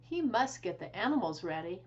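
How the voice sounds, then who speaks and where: A woman librarian reading a picture book aloud for children, slow and expressive with sing-song animal sounds. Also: medium pitch, muffled recording. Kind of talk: children's storytime read-aloud.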